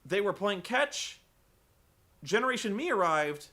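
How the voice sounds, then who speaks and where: A man recapping a wrestling show for comedy, rambling and incredulous, swearing and acting out the quotes loudly. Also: high-pitched, big pitch swings, unhurried.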